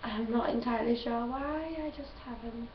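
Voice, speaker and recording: Her voice fairly high and her pace normal, a young woman vlogs and answers questions, chatty and gushing with frequent laughter. This casual chat is a roomy, distant, dull home recording with a noisy background.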